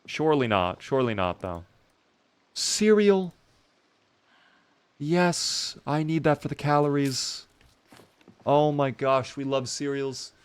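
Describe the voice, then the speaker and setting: A young gaming streamer with a medium-pitched, smooth voice talks at a measured pace while playing a video game. His commentary is casual and packed with swearing, and he rants when he gets angry.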